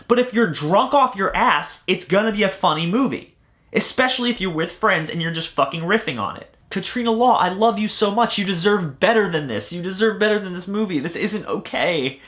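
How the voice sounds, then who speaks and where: A man with a bright, forceful voice delivers an exasperated, profane review. His pitch sits a little high and he talks bluntly, without holding back. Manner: blunt, exasperated, heavy swearing. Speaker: horror movie reviewer. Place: alone at home.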